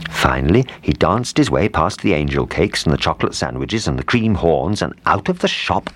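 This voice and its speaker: Very deep-voiced male storyteller. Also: normal speed, few pauses. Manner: expressive, lively intonation. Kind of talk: storybook reading.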